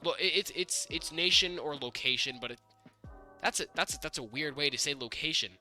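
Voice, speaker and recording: Bright-voiced young man chatting. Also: a little high, a little fast, soft background music. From northern United States. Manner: rambling, lots of restarts and fillers. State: sick. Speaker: podcast co-host. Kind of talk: casual chat.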